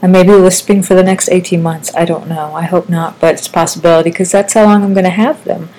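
A woman's voice: on the low side, fairly even intonation, fast talker, dark tone, low-quality recording. A woman in her forties chatting casually to the camera, rambling and self-deprecating, with a slight lisp from new braces. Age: 40s. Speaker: vlogger. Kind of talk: casual chat.

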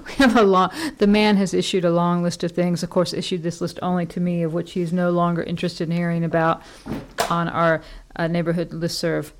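A woman rambles through a casual home podcast, chatty and self-deprecating. Her voice sits a little low, and she drifts from one aside to the next, talking from her kitchen. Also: a little mellow. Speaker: podcast host.

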